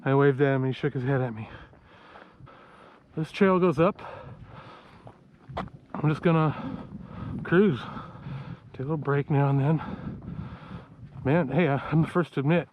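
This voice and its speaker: A man's voice: fairly high pitch, a little slow, pauses often, dull audio, a little hiss or hum. Winded man vlogging on a trail. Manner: chatty, self-talking while walking uphill. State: out of breath. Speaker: outdoor vlogger. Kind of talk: casual hiking vlog. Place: outdoor hillside trail.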